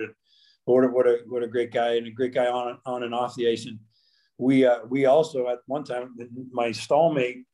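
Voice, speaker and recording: A man in his fifties reminisces as an interview guest, drifting through long stories with many restarts and fillers. His voice sits in a middle register with very little rise and fall, almost monotone. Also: mid-range voice, normal speed, rough recording. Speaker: guest, former pro hockey player. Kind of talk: casual interview.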